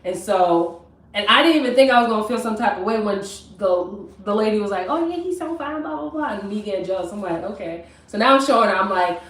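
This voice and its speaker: A young woman telling a personal story on a live stream, chatty and animated, talking straight to her viewers from her kitchen. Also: mid-range voice, distant mic. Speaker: vlogger. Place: home kitchen. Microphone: camera mic at a distance. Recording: roomy, from off mic.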